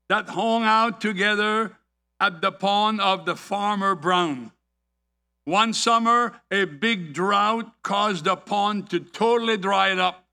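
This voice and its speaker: A man preaching a sermon, deliberate and full of rhetorical questions and anecdotes. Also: high voice, gravelly, bright, forceful tone, clear, resonant tone.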